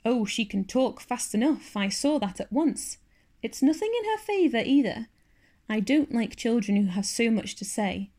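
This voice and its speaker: A woman's voice: fairly high pitch, expressive, moderate pace, warm tone. A woman doing a stern, curt older spinster. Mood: stern, scolding.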